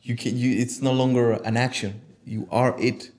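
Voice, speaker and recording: A man speaking as a guest on a podcast, talking passionately and swearing freely, getting loud and animated when he acts out what he tells himself. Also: medium pitch, normal speed. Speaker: podcast guest, image consultant. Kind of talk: casual conversation.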